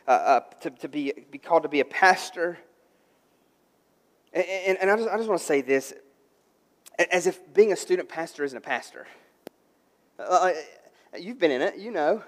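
A man in his thirties delivers a sermon with a fairly high voice that swells to loud emphasis and falls away to near-quiet asides. He often stammers and restarts a phrase. The sound carries the long reverb of a large church hall. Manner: emphatic preaching, swelling louder and softer, repeated stammered restarts. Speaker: pastor.

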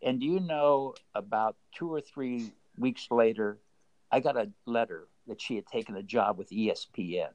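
A man's voice: medium pitch, normal speed, a little mellow, no echo, rough recording. An older man, a former baseball executive, telling stories earnestly in an interview, often repeating and restarting words. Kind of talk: conversational storytelling.

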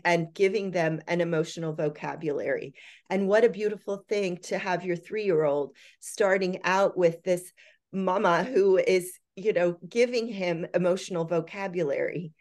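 A woman's voice: fairly low pitch, measured pace, darkish tone. An older woman, a parenting educator and guest, talking in an earnest, reflective way on a podcast interview. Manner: earnest, reflective, explains in lists.

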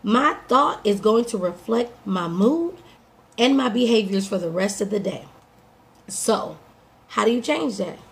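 A woman life coach giving an upbeat, direct motivational morning talk to her listeners, her voice a little hoarse. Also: medium pitch, animated, unhurried. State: slightly hoarse. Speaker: life coach and podcast host.

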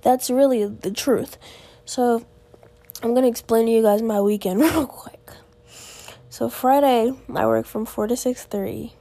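Teen girl, tired podcast host, rambling with "like" fillers, slightly high voice, mellow tone, dry close sound. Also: fairly even intonation, measured pace, vocal fry, no echo. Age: teens. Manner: rambling, many "like" fillers and restarts. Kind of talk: casual solo podcast chat. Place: at home.

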